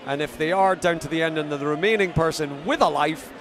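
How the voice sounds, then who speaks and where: A man's voice: fairly high pitch, quick pace, crowd noise. A Scottish man giving effusive live sports commentary at an outdoor competition. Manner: excitable, effusive. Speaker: event commentator. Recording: noisy outdoor event.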